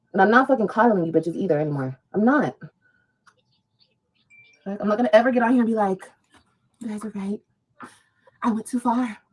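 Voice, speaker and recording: A woman on a livestream rants at her critics in a fairly high voice that swings widely in pitch. She's confrontational and profane, mocking her detractors while speaking straight to viewers, and the recording quality is low.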